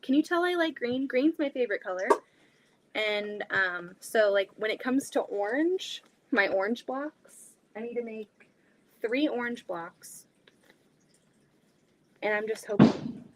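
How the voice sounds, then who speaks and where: A woman's voice: fairly high pitch, animated, unhurried, pauses often, slight background noise, rough recording. A young woman, hosting a live quilting stream from her basement sewing room, chatting casually with lots of fillers and giggles. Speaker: quilting livestream host.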